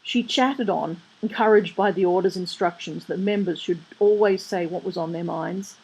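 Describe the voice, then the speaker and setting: A woman's voice: on the low side, normal speed, creaky, a little mellow, husky, poor audio. A woman reading a comic novel aloud in a dry, wry manner. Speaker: audiobook reader. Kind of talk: storybook narration.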